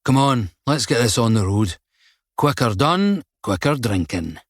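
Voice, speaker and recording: A man voicing a gruff, sardonic male character in an audiobook, muttering with dark humor. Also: medium pitch, sing-song, unhurried, no echo, clean studio sound.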